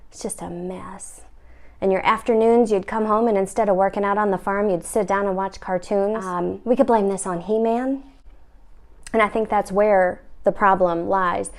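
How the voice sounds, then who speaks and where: A woman's voice: medium pitch, a little mellow. A woman hosting a comic instructional video about real estate, talking in a wry, mock-stern, playful way.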